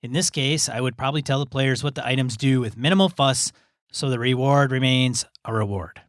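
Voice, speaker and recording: A man's voice: mid-range voice, no echo. Male podcast co-host, easygoing reader with chatty asides, dry close recording. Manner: easygoing, reads in measured chunks with asides. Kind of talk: casual chat, reading a listener email aloud.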